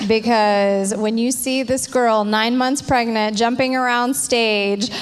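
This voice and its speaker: A woman hosts a church panel and introduces the next guest in an upbeat, admiring way. Her voice sits a little high. It carries a long reverb from the hall. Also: steady tone, slow pace, clear, resonant tone. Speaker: panel host. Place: church stage.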